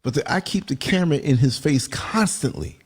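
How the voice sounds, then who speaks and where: A man hosting a casual livestream talk show, telling lively stories and often checking in with "you know what I mean". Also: on the high side, brisk, slightly rough. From United States. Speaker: podcast host.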